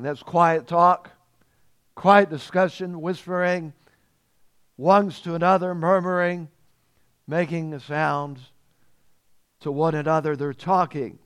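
A man preaching a sermon as pastor, emphatic and repeating phrases, growing louder on key points. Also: on the high side.

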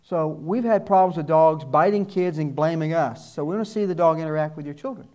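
A man's voice: fairly high pitch, a little fast, darkish tone. An older man giving a sermon, telling folksy personal stories and acting out the people he quotes. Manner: folksy storytelling, acts out quoted voices. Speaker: church speaker.

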